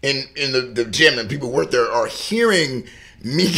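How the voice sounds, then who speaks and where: A somewhat high-pitched man with a gravelly edge and a bright, forceful tone tells a story on a talk show. He acts out every person in it and climbs toward a shout as he gets heated. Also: a little slow. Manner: animated, acts out each person in the story and rises to near-shouting. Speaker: show host and father.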